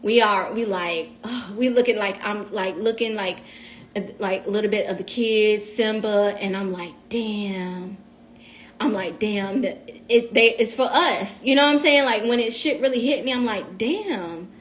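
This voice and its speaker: A woman telling a story on a casual livestream. She is animated and profane, and talks straight to her viewers. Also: medium pitch, normal speed, slight background noise.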